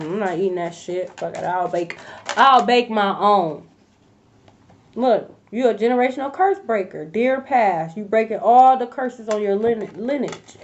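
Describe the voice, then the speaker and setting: A woman with a fairly high voice gives a tarot reading as a fired-up, cursing rant. She speaks bluntly and casually. The audio is dull and lo-fi. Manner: blunt, profane, fired-up talk. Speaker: tarot reader.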